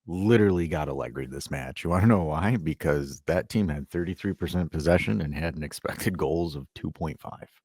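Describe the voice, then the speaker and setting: A man hosting a casual sports podcast, animated and sarcastic, rambling with lots of "like". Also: a bass voice, brisk, few pauses, slightly rough, dry recording, studio quality. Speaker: podcast host.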